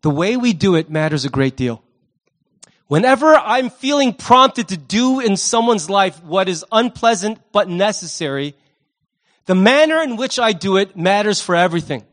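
A pastor preaching a sermon, animated, acting out the voices he quotes and repeating words as he starts a thought. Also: high-pitched, moderate pace.

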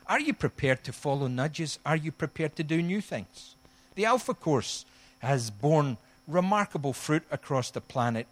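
A man with a Scottish accent preaching a sermon, telling stories and acting out the people in them. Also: medium pitch. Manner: animated storytelling, acts out quoted voices. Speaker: pastor.

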